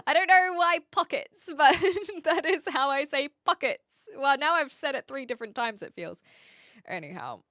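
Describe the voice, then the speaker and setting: Bright chatty Australian woman streamer. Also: high voice, expressive, a little slow, no room sound, studio quality. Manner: chatty, talks to her chat, frequent restarts. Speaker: live streamer. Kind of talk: casual chat with stream viewers.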